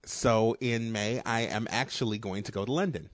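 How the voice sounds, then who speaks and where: A man's voice: lowish voice, normal speed, no echo, clean studio sound. Rambling, profane man in casual chat. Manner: profane, rambling storyteller with frequent fillers. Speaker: podcast co-host.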